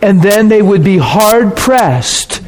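A man preaching a sermon through an animated story, at times dropping into hushed tones. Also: high-pitched, takes it slowly, a crowd in the background.

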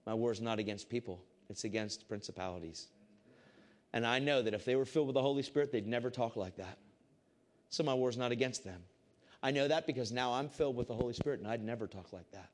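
A man giving a casual, animated Christian testimony to a group. He swings between loud excitement and hushed intensity. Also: mid-range voice, quick pace. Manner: casual, repeats "I said" often. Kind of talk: testimony storytelling to a crowd.

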